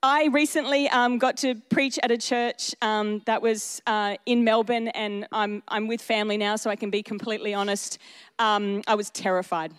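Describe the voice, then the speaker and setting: A woman's voice: mid-range voice, steady tone, normal speed, smooth. A woman preaching a sermon in an earnest, emphatic, conversational way, often repeating her phrases for weight.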